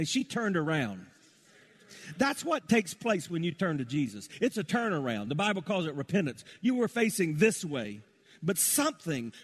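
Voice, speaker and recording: A middle-aged man preaches in a church sanctuary, his somewhat high voice climbing to loud, emphatic peaks before falling to soft, low asides. The long reverb of the large hall trails behind every phrase. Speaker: pastor. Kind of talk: sermon.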